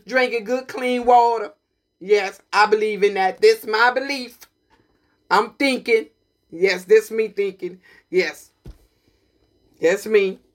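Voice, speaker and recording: A woman hosts a community radio show. She talks with fervent, preachy emphasis and circles back to her points again and again. Her voice sits a little high. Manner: preachy, emphatic, repeats herself. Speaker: radio host. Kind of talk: passionate community radio talk.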